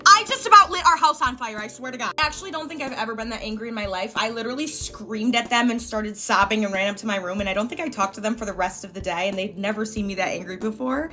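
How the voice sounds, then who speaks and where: A young woman telling a personal storytime, animated and dramatic, swearing for emphasis. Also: a little high, a little fast. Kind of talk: storytime over gameplay. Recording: faint background music.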